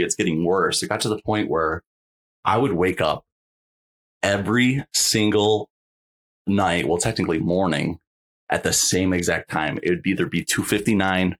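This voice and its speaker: A man's voice: low voice, fairly bright tone. A young man, a podcast guest, telling a personal story in a rambling, casual way, full of fillers and checking in with the listener.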